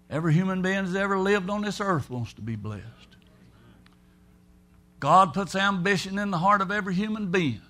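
A man preaches a sermon in a high-pitched, fairly bright voice, speaking folksily and emphatically. He slips into the voices of the people he quotes.

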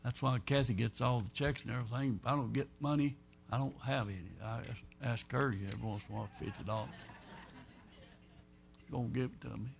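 A pastor preaching a folksy, rambling sermon, swinging between loud and soft. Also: male voice, medium pitch, a little fast, creaky, slight background noise.

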